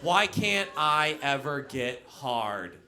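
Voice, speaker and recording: A man's voice: medium pitch, sing-song, takes it slowly. A man performing a brash stand-up comedy set on a brewery stage, laughing at his own jokes. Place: brewery stage before a live audience. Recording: live room with audience noise. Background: audience laughter.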